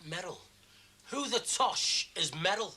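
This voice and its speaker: A man's voice: high-pitched, lively intonation, a little slow, sharp tone, full character voice. An actor playing an aggrieved, self-pitying man from in a TV soap. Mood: indignant. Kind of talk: TV soap acting.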